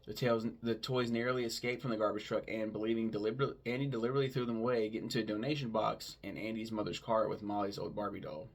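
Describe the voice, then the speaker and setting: A man's voice: fairly low pitch, steady tone, quick pace, few pauses. A man casually recapping a movie plot in a rambling way, with lots of filler words and swearing. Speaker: film podcast host.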